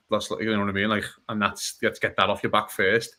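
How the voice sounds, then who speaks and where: A man chats about football as a podcast co-host. His voice is bright and forceful. He talks bluntly and with animation, swears freely and keeps checking that you follow. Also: fairly low pitch, little pitch movement, fast. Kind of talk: casual football chat.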